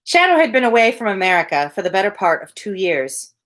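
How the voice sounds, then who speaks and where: Female reader, mid-pitched, relaxed story reading with chatty asides. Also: fairly quick. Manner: chatty, laughing asides between passages.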